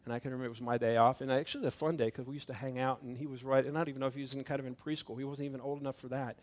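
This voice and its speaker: Racing along in a medium-pitched, steady voice, a middle-aged male pastor delivers a communion sermon. He shifts from booming emphasis to quiet intimacy and voices the characters in his story.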